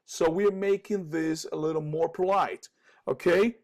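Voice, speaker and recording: A man with a Cuban Spanish accent teaches English in a relaxed lesson voice pitched a little high. He keeps checking in with "okay" and fills pauses with "um". He repeats each example sentence more than once. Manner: repeats example sentences slowly, frequent okays and ums. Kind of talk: casual spoken lesson.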